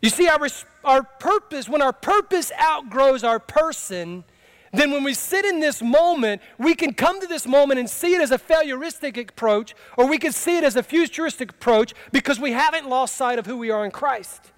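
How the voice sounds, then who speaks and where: A man's voice: very high voice, expressive, moderate pace. A man preaching a sermon in a conversational, humorous way, telling a story from his own life and asking the congregation questions. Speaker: pastor.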